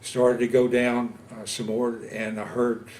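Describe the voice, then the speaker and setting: A man in his seventies from Louisiana, recounting his war experiences in an oral history interview, speaking haltingly with many pauses and fillers. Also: medium pitch, flat delivery, darkish tone, slight background noise. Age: 70s. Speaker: veteran interviewee. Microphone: interview camera setup.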